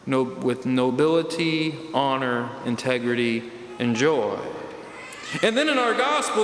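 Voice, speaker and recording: Emphatic priest preaching in echoey church. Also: male voice, fairly bright tone. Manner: emphatic preaching, slowing and dropping low on key words. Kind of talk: sermon. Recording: echoey church hall from a distance.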